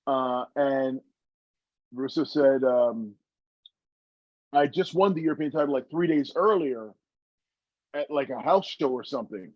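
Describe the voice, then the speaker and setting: A man's voice: mid-range voice, unhurried, long pauses, no room sound, highs cut off. A man, a former wrestler, telling stories from his career in an interview, earnest and emotional with many restarts. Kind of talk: reflective interview storytelling.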